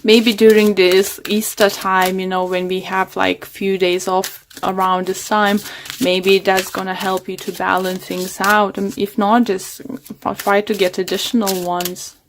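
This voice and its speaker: Woman, tarot reader, fading hoarse voice, halting delivery, lots of ums. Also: medium pitch, little pitch movement, a little hiss or hum. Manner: hesitant, many fillers and restarts. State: losing her voice. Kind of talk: casual tarot reading monologue.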